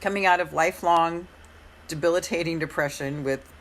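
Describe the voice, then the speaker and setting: A middle-aged woman hosting a live coaching stream, speaking in a gentle, encouraging way with a hoarse voice and often repeating her phrases. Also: fairly low pitch, normal speed, a little hiss or hum.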